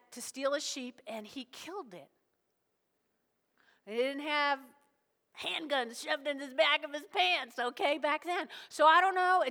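A woman's voice: sits high, long reverb tail. A woman pastor preaching a folksy sermon, telling stories and talking directly to her congregation. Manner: folksy, animated storytelling with asides to the congregation. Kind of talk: storytelling sermon.

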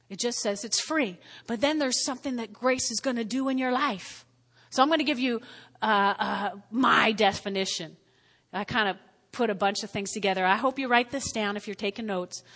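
Woman preaching, high bright voice, repeats stuff, goes soft then loud, hall echo. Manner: repetitive, call-and-response, swings from quiet to loud. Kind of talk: sermon. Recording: hall reverb.

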